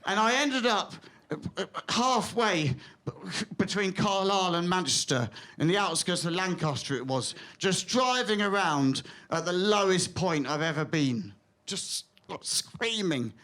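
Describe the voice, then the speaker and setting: A man doing stand-up comedy on a theatre stage, excitable, with stammering restarts that drop into hushed asides. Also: high voice, a little slow.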